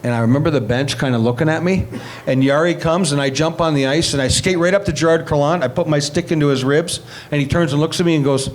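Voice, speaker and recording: A middle-aged man and former hockey player telling lively stories in an interview, acting out other people's lines. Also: fairly high pitch, fast talker. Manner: animated anecdotes, acts out quoted voices. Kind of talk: storytelling interview.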